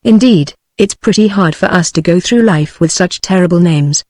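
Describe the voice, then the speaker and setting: A woman's voice: on the low side, moderate pace, darkish tone, dry recording, clean studio sound, close to an everyday voice. A British woman reading the lines of a touchy, pompous male octopus in a synthetic storybook voice. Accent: British English. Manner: airy, then mournful.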